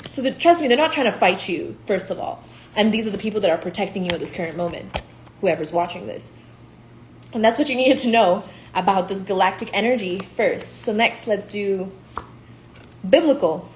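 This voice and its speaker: A young woman from Nigeria talks through a casual spiritual reading, blunt and profane, breaking into laughs often. Her mid-pitched voice bounces around a roomy, echoing space. A faint hiss sits under the recording. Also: lively intonation, moderate pace, a little mellow. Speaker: tarot reader. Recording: echoey room, faint hiss.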